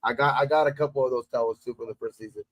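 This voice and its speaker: A man's voice: mid-range voice, fairly even intonation, racing, breathy edge, dry recording. Profane, rambling man telling fan stories. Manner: loose, profane storytelling with lots of restarts. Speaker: podcast host. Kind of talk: casual sports chat.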